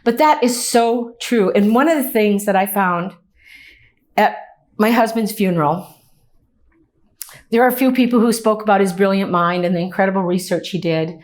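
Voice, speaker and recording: A middle-aged woman giving a motivational talk, telling stories earnestly with touches of humor and lively quoted dialogue. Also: medium pitch, moderate pace, long pauses. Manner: earnest storytelling with warm humor, lively quoting. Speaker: inspirational speaker. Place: meeting or talk venue.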